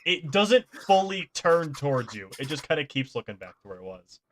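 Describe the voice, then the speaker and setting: A man's voice: fairly high pitch, big pitch swings, moderate pace, a bit bright, a little hiss or hum. A man running a tabletop game as dungeon master, talking casually, laughing and swearing a little.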